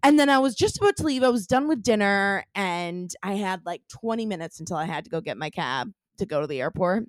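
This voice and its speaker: This medium-pitched young woman talks briskly with few pauses while co-hosting a podcast, animatedly telling a story in casual chat full of "like." The studio sound is clean, with no echo.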